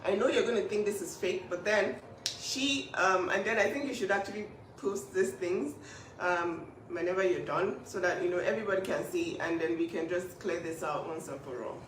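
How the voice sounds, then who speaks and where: A woman's voice: fairly low pitch, moderate pace, a bit bright. An emphatic, indignant woman from Nigeria defends her younger sister's name. Her voice sits a little away from the mic in a roomy, echoing space. A faint hiss runs underneath. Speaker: older sister speaking out. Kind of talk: emotional on-camera statement. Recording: echoey room, voice at a distance, faint hiss.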